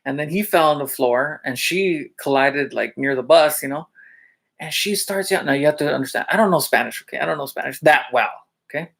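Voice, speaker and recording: A male teacher casually telling funny school stories to his viewers, chatty, with lots of fillers and quick check-ins, often laughing as he goes. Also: on the high side, gravelly, fairly bright tone. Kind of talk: casual storytelling vlog.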